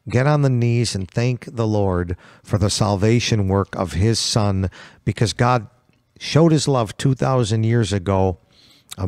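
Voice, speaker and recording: A man hosting a Christian radio program, teaching from the Bible in a calm, steady manner. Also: fairly low pitch, dry recording, clean studio sound. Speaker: radio show host.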